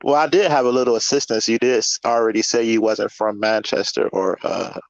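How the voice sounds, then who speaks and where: A man's voice: fairly low pitch, fairly even intonation, a little fast, creaky. Laid-back man from Indiana. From Indiana, United States. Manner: laid-back, many fillers like "uh, you know". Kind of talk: casual voice-chat banter. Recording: dull lo-fi voice chat audio.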